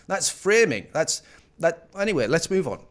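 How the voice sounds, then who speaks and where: A man's voice: fairly high pitch, very animated, moderate pace. A man giving casual reaction commentary on a news clip in a sarcastic, mocking manner.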